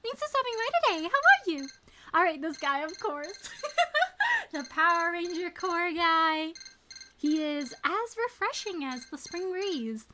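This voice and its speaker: A woman's voice: very high-pitched, very animated, measured pace, background noise. A young woman streaming a game live, bubbly and giggly, greeting chatters by name. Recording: stream with music behind.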